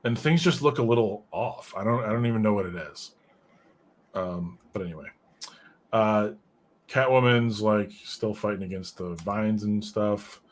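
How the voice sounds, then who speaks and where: A man's voice: lowish voice, a little slow. A man hosting a casual comic book discussion who rambles and drifts into side notes. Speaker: podcast host reviewing comics.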